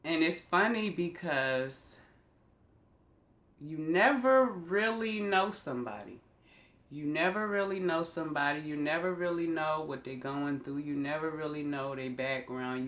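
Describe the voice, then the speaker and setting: A woman vlogger telling a personal story to her viewers, slow and emphatic, repeating phrases for weight. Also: sits low, fairly bright tone, echoey room. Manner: slow, repetitive, emphatic retelling. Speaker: YouTube vlogger.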